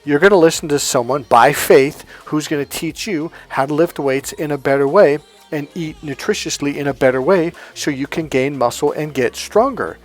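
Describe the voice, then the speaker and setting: A man giving a casual spiritual monologue as a coach, animated and self-assured, often laughing at his own points. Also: a little high, moderate pace, few pauses, faint music behind.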